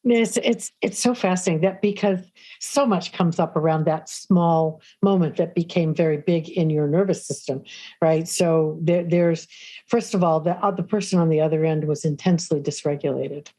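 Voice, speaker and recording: A woman guest on a podcast interview, explaining calmly and often checking in with "right?". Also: low-pitched, moderate pace. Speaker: guest expert on the nervous system.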